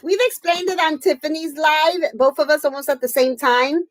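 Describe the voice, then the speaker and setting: Brief: American woman live-streaming, effusive, high voice, dry close mic. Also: fairly even intonation, normal speed, no echo, low-quality recording. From United States. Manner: chatty and effusive, often laughing. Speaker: crafting livestream host. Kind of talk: casual live-stream chat.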